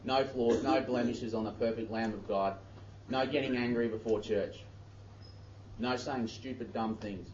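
A man's voice: medium pitch, fairly even intonation, measured pace, a little mellow, a little hiss or hum. A man preaching a sermon, reading scripture aloud and breaking off into chatty asides. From Australia. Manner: conversational, self-interrupting preaching with Bible reading. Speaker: pastor. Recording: echoey, distant, dull church audio.

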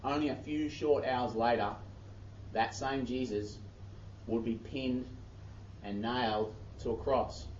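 Preacher, echoey and distant. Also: male voice, medium pitch, steady tone, takes it slowly, a little mellow, a little hiss or hum. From Australia. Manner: conversational, self-interrupting preaching with Bible reading. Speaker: pastor. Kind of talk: sermon. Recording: echoey, distant, dull church audio.

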